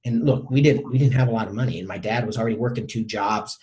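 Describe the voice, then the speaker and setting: A man's voice: fairly low pitch, a little mellow, slight background noise. Middle-aged male coach, interview guest, stop-start storytelling with many repeated words. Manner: halting, repeats words often.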